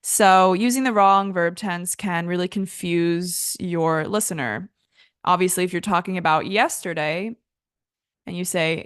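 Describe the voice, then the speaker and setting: A woman's voice: on the low side, normal speed, no echo, studio quality. A young woman teaching an English lesson in a casual, chatty way, laughing easily at her own slips.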